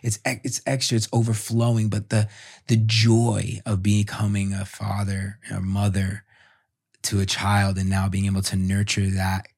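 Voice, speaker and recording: A man guest on a podcast, telling a personal story in a heartfelt, halting way with many restarts. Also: on the low side, monotone, vocal fry, darkish tone, husky.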